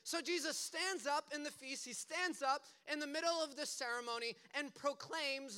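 A man's voice: extremely high pitch, moderate pace, hardly any pauses. A man preaching a casual, conversational sermon, telling stories with loose asides. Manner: animated storytelling with casual asides. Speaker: pastor.

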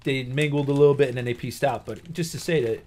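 A man guesting on a podcast, telling a rambling story in a relaxed, casual way. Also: medium pitch, fast talker, slight background noise. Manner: laid-back, rambling with restarts.

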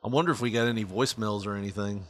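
A man's voice: on the low side, very fast. A male podcast host in casual, joking chat who laughs often.

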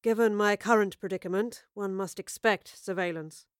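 A woman voicing a confident grown male spy who speaks calmly, with a dry, faintly playful edge. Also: medium pitch, moderate pace, dry recording, close to an everyday voice. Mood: wry, calm.

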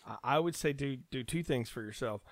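A man's voice: mid-range voice, fairly quick, dry recording. A man talking as a podcast guest, chatty and easygoing, rambling through stories in casual conversation.

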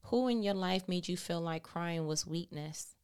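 A woman's voice: on the low side, normal speed, darkish tone, smooth. A woman hosting a faith-based motivational talk, earnest and encouraging, asking rhetorical questions. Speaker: host.

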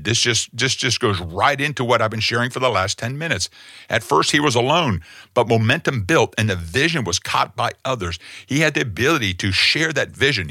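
Middle-aged male pastor, emphatic conversational sermon delivery, bright forceful tone, dry close sound. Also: lowish voice, no room sound. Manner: emphatic, conversational preaching with sudden loud peaks.

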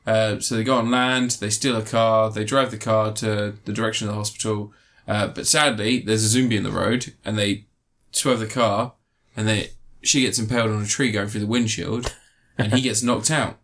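A man casually recapping and reviewing a film, rambling with fillers, sarcastic asides and quick mock voices. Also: lowish voice, fairly even intonation, a bit bright.

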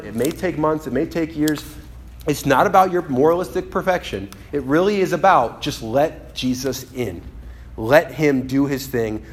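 In a slightly high voice, a man gives an animated, conversational sermon, regularly acting out quotations and restarting phrases as he goes.

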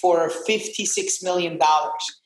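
A man in his twenties, a podcast guest, telling his story in an animated, casual way and swearing freely. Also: on the high side, unhurried, reverberant, low-quality recording. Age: 20s.

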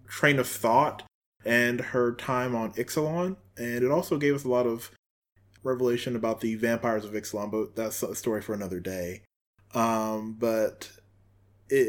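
A man co-hosting a podcast, unhurried and hesitant with frequent ums as he introduces topics. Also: medium pitch. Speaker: podcast co-host. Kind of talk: casual fan discussion.

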